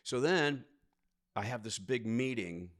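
A man who narrates audiobooks telling stories in a casual chat, animated and often laughing. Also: mid-range voice, slow pace. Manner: animated, laughing, slips into put-on voices.

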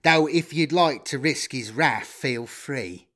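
A man's voice: mid-range voice, slow, fairly bright tone. A man voicing a greedy, sneering male data trader who talks smugly. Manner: smug, sardonic.

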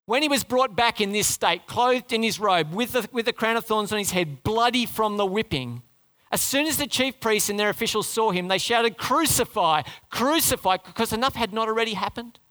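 A man preaching a sermon, retelling a story with rhetorical questions and dramatic drops into a low, quiet voice. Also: brisk.

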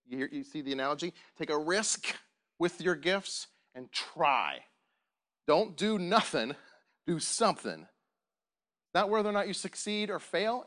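A man's voice: a little high, a bit bright. Man preaching with lots of rhetorical questions. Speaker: pastor. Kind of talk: sermon.

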